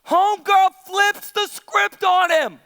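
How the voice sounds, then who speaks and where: A man preaching a sermon as an animated storyteller who acts out the characters. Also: very high voice, slow, in a large hall. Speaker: pastor.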